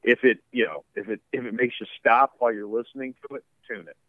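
A man's voice: medium pitch, fairly even intonation, quick pace, no room sound, narrow, tinny audio. A man talking casually as a musician guest in an interview, rambling with lots of fillers and laughs. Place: home basement studio.

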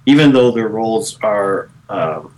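A man's voice: on the low side, lively intonation, a little slow, darkish tone. A man in his thirties co-hosting a podcast, chatting casually with many restarts and fillers. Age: 30s. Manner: rambling, with many restarts and fillers, laughs easily. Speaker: podcast co-host. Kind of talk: casual chat.

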